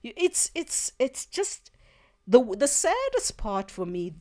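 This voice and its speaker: A woman's voice: high voice, huge pitch swings, takes it slowly. Earnest woman radio host. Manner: earnest, emphatic, thinking aloud. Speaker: radio talk show host. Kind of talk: talk radio commentary. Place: radio studio.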